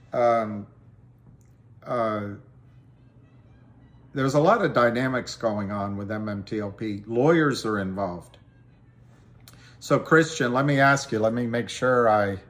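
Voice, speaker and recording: Casting note: male stream host, unhurried, hesitant, mid-range voice. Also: medium pitch. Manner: slow, halting, many ums and restarts. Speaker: livestream host. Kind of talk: casual livestream chat reading viewer comments.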